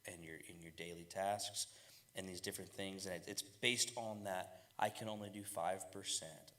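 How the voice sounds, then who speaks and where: A man's voice: deep voice, steady tone, normal speed, sharp tone. A man on a casual panel, giving direct, confident, coach-like advice.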